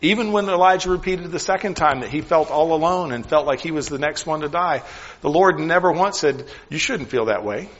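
A man preaching a sermon in an earnest, questioning way, often dropping his voice softly on key lines. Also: fairly high pitch, fairly quick, in a large hall, muffled recording.

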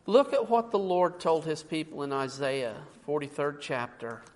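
Long reverb from a big hall surrounds this church sermon. The preacher's voice is a little high and slightly mellow at a normal speed, and he addresses listeners as folks, speaking emphatically and posing rhetorical questions.

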